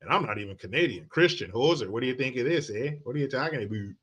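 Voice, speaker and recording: Male commentary host; blunt, profane, rambling delivery with a bright, forceful tone. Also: mid-range voice, lively intonation, fast, slightly rough. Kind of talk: opinionated talk-show commentary.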